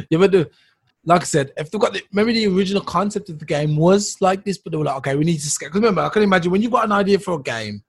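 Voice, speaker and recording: A man's voice: high-pitched, expressive, fast talker, gravelly, husky, no room sound. A man co-hosting a casual talk show, telling stories in a rambling way, restarting often and laughing through his words. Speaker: podcast co-host. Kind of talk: casual chat, storytelling.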